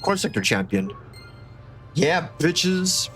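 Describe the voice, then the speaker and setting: A man giving casual gameplay commentary as a streamer, excitable and joking, swearing often. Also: medium pitch, moderate pace, pauses often. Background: game music.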